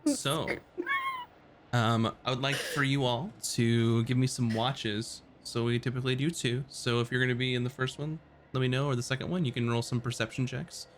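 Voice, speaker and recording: A man narrating as game master of a tabletop game, describing scenes in a relaxed, rambling way with many fillers. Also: medium pitch, moderate pace, a little hiss or hum.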